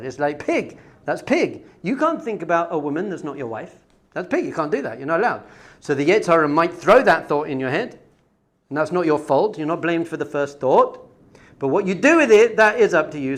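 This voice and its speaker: Animated high-voiced male rabbi. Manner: animated, conversational, rhetorical questions. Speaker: rabbi teaching. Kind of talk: Torah class with storytelling.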